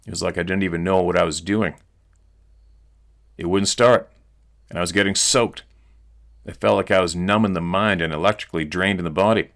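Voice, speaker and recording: A male host reading a listener's eyewitness letter aloud in an earnest, steady storytelling manner. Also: low-pitched, fairly quick, vocal fry, pauses often.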